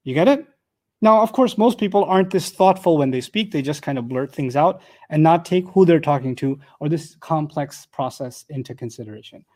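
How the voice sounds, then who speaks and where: A man teaching a Quran commentary class to a live audience, explaining grammar with everyday examples in a conversational, animated way. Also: on the high side, a little fast. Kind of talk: classroom tafsir lecture.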